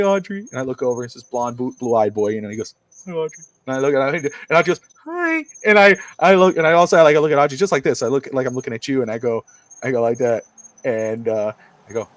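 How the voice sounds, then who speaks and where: A middle-aged man co-hosting a podcast, rambling through family stories and mimicking others in high voices. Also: dry recording. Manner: rambling storyteller, acts out quotes in high voices. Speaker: podcast co-host. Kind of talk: casual chat. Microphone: streamed podcast mic.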